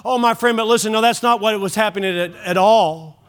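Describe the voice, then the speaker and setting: A male pastor preaching an impassioned sermon, often shouting and calling listeners "friend.". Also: sits high, brisk.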